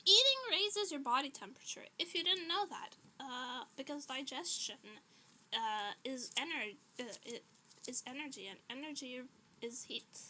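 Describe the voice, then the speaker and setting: A woman's voice: sits high, animated, normal speed, sharp tone, slight background noise. A woman streamer in casual livestream chat, rambling and chatty with frequent laughs, slightly out of breath.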